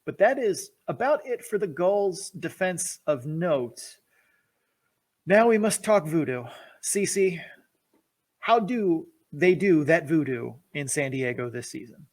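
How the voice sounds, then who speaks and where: A man's voice: on the high side, animated, slow pace. A man co-hosting a hockey podcast, reading prepared analysis with eager enthusiasm and laughing at his own jokes. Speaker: podcast co-host.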